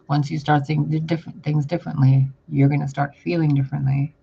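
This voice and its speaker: A man's voice: on the high side, flat delivery, fast talker, creaky, hardly any pauses. A man delivering a casual channeled spiritual message, rambling and blunt, with casual swearing. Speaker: spiritual reader. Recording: dull lo-fi audio with loud background noise.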